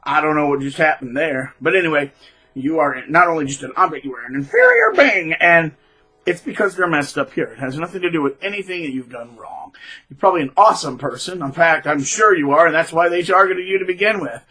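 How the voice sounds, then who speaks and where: A man hosting his own channel, giving rambling, emphatic casual advice, with sudden loud bursts of emphasis. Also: on the high side, big pitch swings, a little fast, rough recording. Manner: rambling, with frequent restarts. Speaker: channel host.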